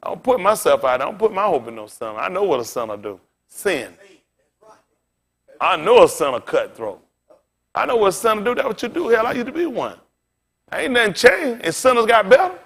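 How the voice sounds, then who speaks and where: Preaching fairly quickly, the male pastor lets his pitch swing dramatically along with his loudness. His delivery stays informal, with asides aimed straight at the people in the pews.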